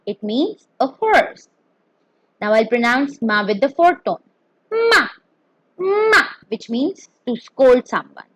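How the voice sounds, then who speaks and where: Slow, careful woman teaching pinyin. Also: on the high side, lively intonation, breathy edge, low-quality recording. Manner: careful, demonstrates tones. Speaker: Mandarin teacher.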